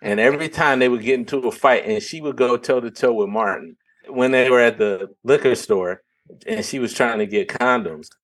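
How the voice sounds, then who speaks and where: Guy co-hosting a podcast, husky voice, chill, keeps saying yeah and chuckling. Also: mid-range voice, moderate pace, a bit bright. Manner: agreeable, chuckling, says yeah often. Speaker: podcast co-host. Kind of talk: casual chat.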